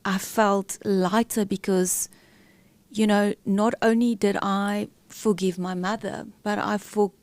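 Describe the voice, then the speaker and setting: A woman's voice: mid-range voice, steady tone, takes it slowly, darkish tone, no echo. A middle-aged woman, a podcast guest, telling a candid, emotional personal story with many fillers and restarts.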